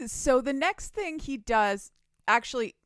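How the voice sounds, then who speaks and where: A woman's voice: high-pitched, lively intonation, a little slow, smooth, no room sound, studio quality. A young woman co-hosting a podcast, casually and animatedly retelling a book's plot with laughs and swearing. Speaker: podcast co-host recapping a book. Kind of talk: casual chat.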